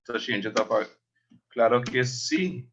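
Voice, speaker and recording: A man teaching a language lesson, slowly explaining words and repeating them. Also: mid-range voice, a bit bright, lo-fi sound, a little hiss or hum.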